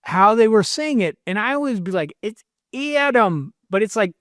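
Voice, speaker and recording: An animated man co-hosting a casual podcast, with a fairly high voice. He jokes around and keeps dropping into quick imitations. The sound is close and dry. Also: smooth, dry recording. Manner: animated, jokey, slips into voices and mimicry. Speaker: podcast co-host. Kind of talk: casual chat. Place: lives in Virginia.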